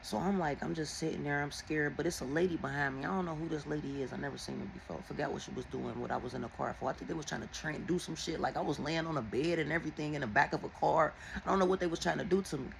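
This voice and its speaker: A woman who reads tarot, telling viewers a dream in a casual, animated and heavily profane way. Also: sits low, quick pace, creaky, hardly any pauses, noisy background. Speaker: tarot and oracle reader.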